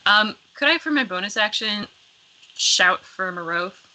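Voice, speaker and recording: A woman playing a tabletop game, talking casually with quick, laughing asides. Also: medium pitch, expressive, sharp tone, rough recording. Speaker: player.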